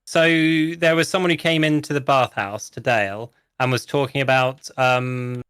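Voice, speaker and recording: A man's voice: medium pitch, steady tone, moderate pace, fairly bright tone, clean tone, no echo, clean studio sound. A man chatting casually about roleplay, rambling through a long story with many restarts and some swearing. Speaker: roleplay guest. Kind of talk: casual podcast chat.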